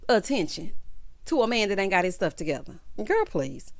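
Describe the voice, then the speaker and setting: A woman in her fifties giving a sassy, animated recap commentary on a reality show. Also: mid-range voice, no room sound. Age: 50s. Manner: sassy, animated, drawn-out teasing.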